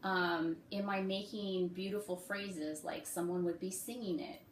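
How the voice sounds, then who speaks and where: A woman's voice: fairly low pitch, steady tone, a little slow, slight background noise. Woman giving friendly music tips, echoey room. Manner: friendly, step-by-step advice with frequent ums and okays. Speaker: music teacher. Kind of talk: casual instructional talk.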